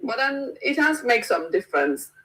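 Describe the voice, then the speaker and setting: A woman's voice: a little high, big pitch swings, moderate pace, sharp tone, poor audio. A woman on a talk show panel, telling stories in a chatty way and mixing English with local language.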